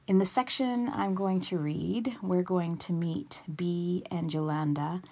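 A woman author reading aloud from her own novel in a measured storytelling way. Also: lowish voice, a little mellow, soft background music.

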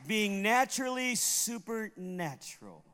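Some chatter and slight background noise sit behind this Puerto Rican pastor, whose high voice moves a little slowly through a sermon recorded with long hall reverb. Telling a story, he brings it alive by acting out each person in it.

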